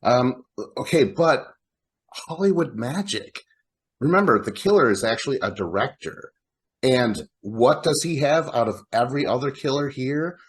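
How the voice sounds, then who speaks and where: A man's voice: medium pitch, expressive, normal speed, breathy edge. A man co-hosting a casual podcast about horror movies, laid-back, swearing and laughing along. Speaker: podcast co-host.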